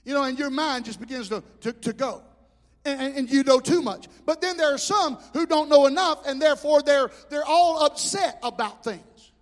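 A man preaching a sermon as pastor, telling animated stories. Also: very high-pitched, moderate pace. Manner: animated storytelling with shouted impressions. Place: church hall. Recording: hall reverb.

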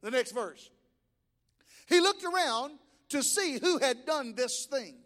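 A male pastor delivers an emphatic sermon in a church sanctuary. His voice sits very high and keeps rising and dropping in pitch and volume. A long reverb trails every phrase. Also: animated, slow pace, fairly bright tone. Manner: emphatic preaching with sudden rises and drops in pitch and volume.

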